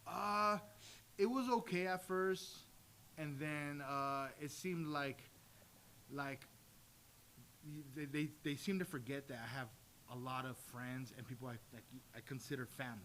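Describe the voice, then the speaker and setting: A jiu-jitsu coach telling stories in a casual interview, acting out the dialogue with lively energy. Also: male voice, fairly high pitch, measured pace. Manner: animated storyteller, acts out quoted dialogue. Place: gym. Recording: faint background hiss.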